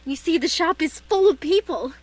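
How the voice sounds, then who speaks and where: An actress playing a hurried young woman apologizing from her busy shop in a video game. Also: very high voice, lively intonation, dry recording. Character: flustered young woman shopkeeper in a hurry.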